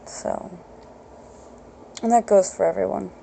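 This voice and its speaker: A woman's voice: mid-range voice, unhurried, vocal fry, mellow, slight background noise, poor audio. A woman hosting her own podcast, ranting bluntly and profanely in an unscripted solo talk. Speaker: podcast host.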